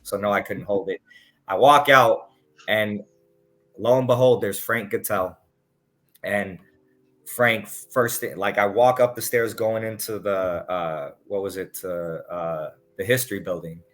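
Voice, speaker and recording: A man's voice: fairly low pitch, a little slow. A man, a podcast guest, telling casual stories with lots of swearing and acted-out quotes. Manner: animated, profane, acts out quotes. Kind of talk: casual storytelling.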